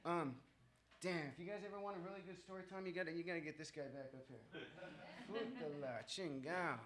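A man's voice: a little high, fairly quick, crowd noise. A man sharing his own story with a group at a recovery meeting. He rambles and mocks himself, with many fillers and chuckles.

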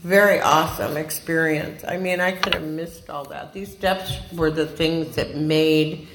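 A woman from California sharing a personal recovery story with a group, dramatic and lively, acting out the voices she quotes. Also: deep voice. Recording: echoey room with background noise.

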